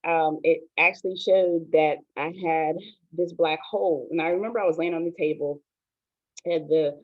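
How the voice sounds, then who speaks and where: A woman in her forties, a pastor, telling her own story in a soft, hesitant, earnest way, with many pauses and ums. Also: low voice, fairly even intonation. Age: 40s. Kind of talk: personal testimony on an online show. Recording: tinny phone-like line, dry.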